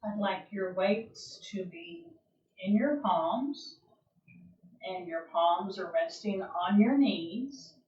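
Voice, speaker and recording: Woman yoga teacher on a livestream, unhurried gentle cueing, mic far off in a roomy space. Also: mid-range voice. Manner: slow, calm, gentle cueing with long pauses. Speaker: yoga instructor. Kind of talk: guided yoga class instruction. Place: home or studio room, livestream. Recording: roomy, distant, dull livestream audio.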